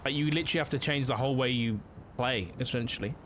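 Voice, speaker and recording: Talking fast in a mid-range, slightly bright voice, a young streamer playing a roleplay cop rambles loosely through casual chatter. Fillers and "like" come constantly, and a faint hiss sits under his voice.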